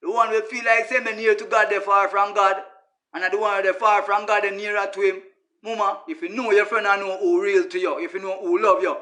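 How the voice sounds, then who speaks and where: Bright, high-voiced Jamaican man ranting. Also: flat delivery, fairly quick. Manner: emphatic, repetitive, addresses listeners as brother. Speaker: social media personality. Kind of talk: casual ranting monologue.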